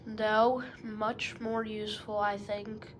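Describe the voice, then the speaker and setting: A woman's voice: mid-range voice, flat delivery, takes it slowly, slight background noise, close to an everyday voice. A woman playing a sly, coaxing crocodile. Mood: menacing. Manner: talks through his teeth, coaxing. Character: sly, scheming male crocodile. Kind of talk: storybook character voice.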